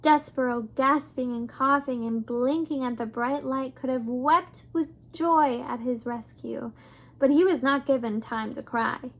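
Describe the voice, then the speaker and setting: High-voiced woman reading a storybook. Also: steady tone, a little slow. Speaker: reader. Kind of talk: reading a children's novel aloud.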